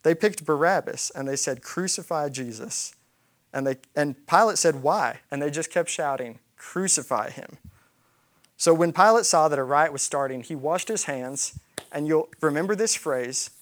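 A man's voice: a little high, moderate pace. A man preaching a sermon, retelling a scripture story and acting out the quoted lines. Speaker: pastor.

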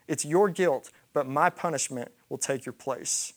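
A man's voice: fairly high pitch, unhurried. A man preaching a sermon, retelling a scripture story and acting out the quoted lines. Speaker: pastor.

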